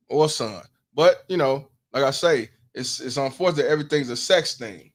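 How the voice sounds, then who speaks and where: A man's voice: a little high, moderate pace, a little hiss or hum. A man, hosting a commentary stream, blunt and profane, putting questions to his audience. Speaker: host.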